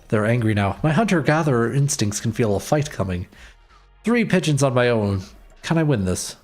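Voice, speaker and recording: A man's voice: mid-range voice, animated, normal speed, a little mellow. Man reading a game aloud. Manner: playful, reads all characters. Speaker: streamer. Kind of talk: reading a visual novel aloud.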